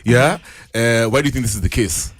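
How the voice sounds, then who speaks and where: A man's voice: mid-range voice, brisk, slightly rough, no room sound. A man hosting a casual radio interview, with a Kenyan accent tinged as if he had lived abroad, chatty and mixing English with Swahili slang. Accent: Kenyan, slightly foreign-tinged. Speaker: radio host. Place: radio studio.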